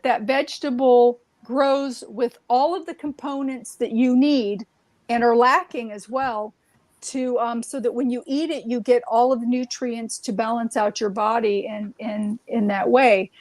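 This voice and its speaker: A woman with a fairly high voice tells stories in a loose, rambling way, looping back with "um" and restarting her sentences. The sound is dry and close, with no room echo. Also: normal speed, a little mellow. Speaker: guest. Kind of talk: casual conversational storytelling.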